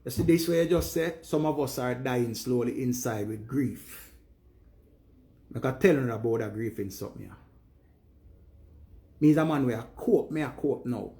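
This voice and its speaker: A man's voice: medium pitch, normal speed, gravelly, pauses often, warm tone. A man with a Jamaican accent giving an earnest, preachy monologue in Patois to his viewers. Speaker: live streamer.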